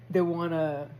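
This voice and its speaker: A woman's voice: lowish voice, dark tone, poor audio. A woman talking candidly to camera, slangy and swearing, laughing at herself as she reflects. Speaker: vlogger. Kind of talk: casual spiritual monologue.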